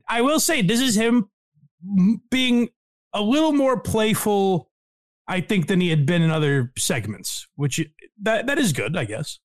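A man co-hosting a casual comedy podcast, talking in an animated way, laughing often and quoting people in voices. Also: on the high side. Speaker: podcast co-host.

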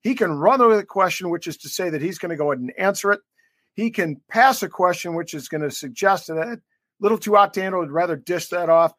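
High-voiced chatty man co-hosting a podcast. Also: quick pace, a bit bright, dry recording, studio quality. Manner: chatty, rambling with fillers. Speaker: podcast co-host. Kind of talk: casual interview banter.

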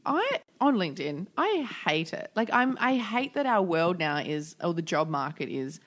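A woman's voice: on the low side, very animated, normal speed. A young woman co-hosting a podcast, chatty, sympathetic and frank. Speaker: podcast co-host. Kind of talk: casual chat.

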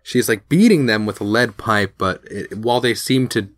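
Podcast co-host, male, lowish voice, loose rambling delivery, dry booth sound. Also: moderate pace, a bit bright, no room sound. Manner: rambling, full of fillers and restarts. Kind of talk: casual recap chat.

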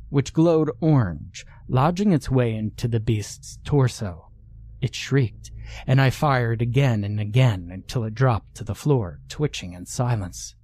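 Guy reading a scary story slow and steady, low mellow voice. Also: dry recording. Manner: measured, deliberate storytelling. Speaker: narrator. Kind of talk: scripted horror story narration.

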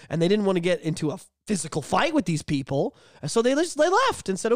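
A man co-hosting a casual podcast, talking animatedly and swearing, slipping into mocking high voices. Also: sing-song, fast talker, few pauses, no echo, clean studio sound. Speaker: podcast co-host. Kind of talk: casual chat.

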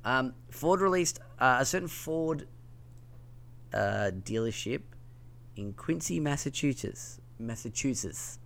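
A man's voice: medium pitch, animated, slow pace, vocal fry, long pauses, fairly bright tone. A man with a slight lisp hosting a casual gaming news podcast, talking in a loose, rambling way with plenty of ums and likes. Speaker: podcast host.

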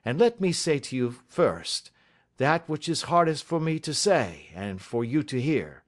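A man voicing a composed, stern male detective in an audiobook, deliberate and authoritative. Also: a little high, expressive. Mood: explaining. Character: calm, stern male detective, measured and assured. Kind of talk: audiobook character reading.

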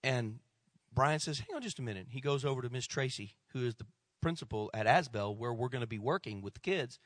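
A middle-aged male pastor telling a story in a sermon, acting out the people he quotes and dropping to a hush at tense moments. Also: mid-range voice, a little fast, no room sound. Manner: animated storyteller, acts out quoted voices, drops to hushed tones.

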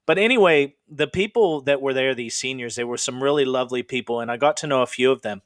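Brief: middle-aged male podcast host, Pacific Northwest native, rambling campfire-style storyteller, mid pitch, dry close sound. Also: fast talker, no echo. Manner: chatty, rambling, with frequent fillers. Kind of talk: casual ghost storytelling.

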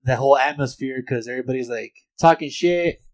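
A man's voice: mid-range voice, brisk, poor audio. A young man co-hosting a podcast, telling a rambling, profane story in casual chat with frequent laughs. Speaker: podcast co-host.

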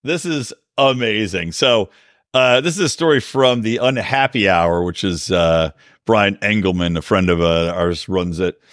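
A man's voice: lowish voice, measured pace, a bit bright, dry recording, clean studio sound. A man co-hosting a comedy podcast, telling a story in casual chat and laughing often. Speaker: podcast co-host.

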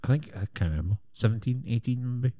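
A man's voice: medium pitch, expressive, fast, mellow, no room sound, clean studio sound. A man, co-hosting a podcast in easygoing, chatty talk. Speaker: podcast co-host. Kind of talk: casual chat.

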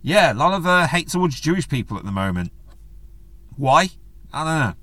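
A man's voice: fairly high pitch, sing-song, moderate pace, sharp tone. A man hosting his own solo podcast, ranting in a blunt, crude, joking way with plenty of swearing. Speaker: podcast host. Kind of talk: casual solo podcast rant.

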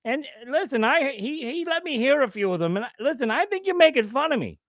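A man's voice: very high voice, big pitch swings, fast, fairly bright tone, dry recording, clean studio sound, pitched above the performer's own voice, exaggerated voice. A man voicing a touchy, indignant tough guy with a put-on New York or Boston accent who stammers and rambles. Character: touchy adult man angry about being mocked. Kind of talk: improvised comedy bit.

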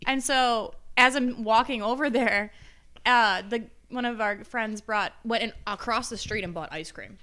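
Bright-voiced woman telling a bar story. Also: fairly high pitch, measured pace. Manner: animated storyteller, swears freely, mimics others. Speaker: podcast co-host. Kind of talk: casual chat.

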